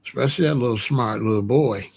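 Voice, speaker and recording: A man in his sixties hosting a livestream, chatting casually to his live chat in a slow, repetitive, drawling way. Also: mid-range voice, creaky, slightly rough. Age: 60s. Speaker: livestream host.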